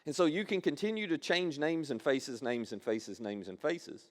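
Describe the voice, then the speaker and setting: A man's voice: a little high, moderate pace. A male pastor giving a conversational sermon. He repeats phrases for emphasis and acts out quoted lines as he talks.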